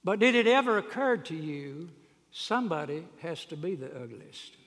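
Man preacher, fairly high voice, folksy sermon with loud emphatic peaks, church hall reverb. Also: big pitch swings, normal speed. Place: church sanctuary. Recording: long reverb of a large hall.

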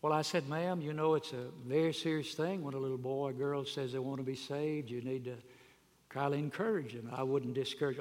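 A man preaching a sermon, telling folksy stories and rising to loud, emphatic peaks. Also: mid-range voice, steady tone, fairly quick. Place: church sanctuary. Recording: long reverb of a large hall.

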